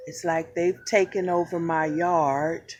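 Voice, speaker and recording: A woman filming herself outdoors by a road near her home, talking to camera on a phone, at times near tears and at times slow and reflective. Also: lowish voice, steady tone, dull audio. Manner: distressed, near tears, exclaiming. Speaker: vlogger.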